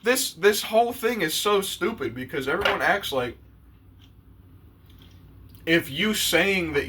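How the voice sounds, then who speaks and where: A man with a bright, slightly high voice talks straight to camera in a loose, profane rant. He is blunt and conversational, swearing freely as he goes. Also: animated, slow, breathy edge. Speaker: YouTuber.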